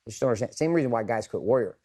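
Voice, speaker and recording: A man's voice: medium pitch, lively intonation, rapid-fire, mellow. A middle-aged man speaks candidly to a group in a mid-range voice. His talk is earnest and peppered with swearing. He keeps turning to the room with questions and asking for raised hands. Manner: blunt, profane and earnest. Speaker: speaker leading a group session.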